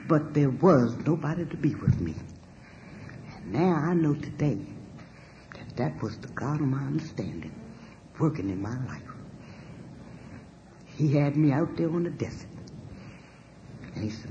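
Animated woman telling her own story. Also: a bass voice, a little slow, long pauses, dull audio, slight background noise. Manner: animated, emphatic, swears freely, laughs through the telling. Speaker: storyteller sharing a personal testimony. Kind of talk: spoken personal testimony.

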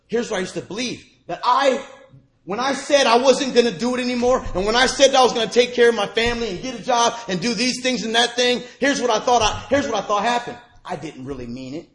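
A man telling his personal recovery story to a meeting in a church room. He talks earnestly and swings from hushed lows to shouted peaks. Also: quick pace. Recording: echoey room.

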